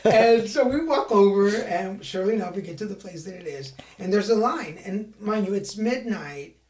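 A man from California, a podcast guest, telling a story in a lively, self-mocking way and acting out other voices. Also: sits high, moderate pace. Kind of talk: casual storytelling. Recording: echoey room.

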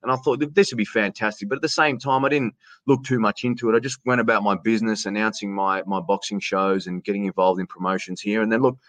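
A middle-aged Australian man in a casual interview, telling stories in a chatty, animated way and calling the host "mate". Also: fairly low pitch, fast talker, no room sound. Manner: chatty, animated storyteller who says "mate" often. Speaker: interview guest, sports announcer.

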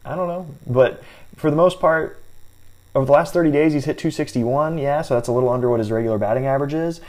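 A man's voice: fairly high pitch, a little mellow. Man talking fantasy baseball stats. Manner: hedging, restarts, stat-heavy, measured. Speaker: fantasy baseball podcast co-host. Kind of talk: casual analytical sports chat.

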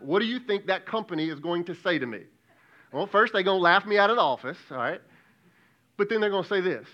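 A man's voice: high-pitched, lively intonation, fast, bright, forceful tone, highs cut off. A man in his thirties preaching a sermon as pastor, passionate and folksy, calling out to the congregation.

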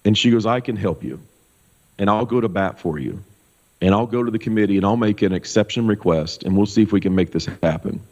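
A middle-aged pastor from Kansas telling a personal story in a loose, animated way, full of fillers. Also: male voice, on the low side, brisk. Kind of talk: casual storytelling testimony. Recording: dull sound with long hall reverb.

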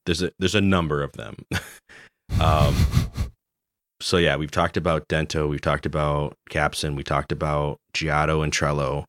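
Very deep-voiced man chatting casually. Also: level tone, normal speed, fairly bright tone, no room sound, studio quality. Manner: rambling, chuckling, filler-heavy. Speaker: podcast co-host. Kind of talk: casual game discussion.

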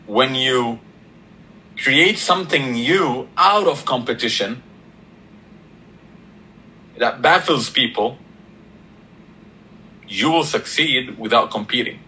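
A man in a reflective podcast conversation, explaining ideas slowly with pauses between words. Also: medium pitch, animated, sharp tone, a little hiss or hum, low-quality recording. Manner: slow, deliberate, pausing between words, explaining step by step. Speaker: podcast guest or host.

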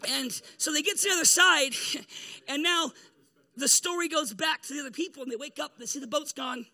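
Pastor guy w a really bright edgy voice, joking around thru his sermon, chatty and laughing a lot. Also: extremely high pitch, fast, creaky. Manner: jokey, chatty storytelling with frequent laughs. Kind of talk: casual humorous sermon.

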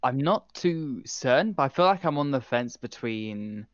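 Hesitant young man, halting casual chat. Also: mid-range voice, lively intonation, no room sound, highs cut off. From England. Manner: hesitant, halting, many fillers. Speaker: podcast co-host.

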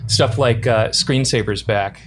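A man in casual podcast talk, rambling and thinking out loud with lots of ums and restarts. His voice sits at a middling pitch. A faint hiss runs under the recording. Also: unhurried. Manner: rambling, thinks aloud with many fillers. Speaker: podcast co-host. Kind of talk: casual chat.

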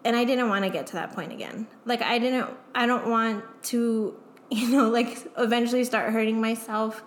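A woman's voice: a little high, fairly even intonation, normal speed. Young woman talking openly, echoey room. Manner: emotional, frequent "like" fillers, swearing. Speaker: guest. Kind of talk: candid casual chat.

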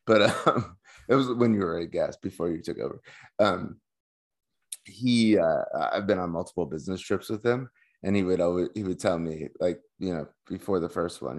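A man's voice: low-pitched, moderate pace. A man on a casual podcast, cracking crude teasing jokes and laughing often.

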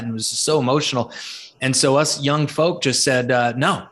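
Brief: a male speaker and author, animated and chatty, repeats words on the way into his sentences. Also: mid-range voice, a little fast. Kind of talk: storytelling interview talk.

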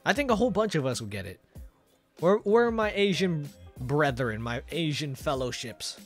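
A man chatting casually on a live stream, animated and giggly, rambling with restarts. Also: fairly high pitch, normal speed, faint music behind. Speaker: VTuber streamer.

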